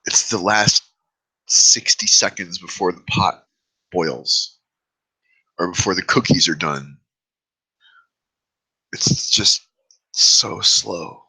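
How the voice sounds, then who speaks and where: Low-voiced guy with a really bright, cutting tone, rambling openly on his own vlog cam. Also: slow pace, long pauses, slightly rough, low-quality recording. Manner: rambling and candid, speaking openly about his fears. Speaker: vlog host. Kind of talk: confessional vlog monologue. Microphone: own camera mic, self-recorded.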